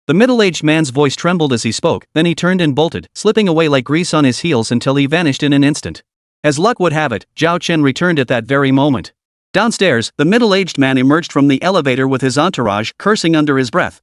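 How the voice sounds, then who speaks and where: Brief: male narrator, fairly high and animated, dry close recording, dramatic delivery. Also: a little fast, no echo. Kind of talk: scripted narration of a comic recap.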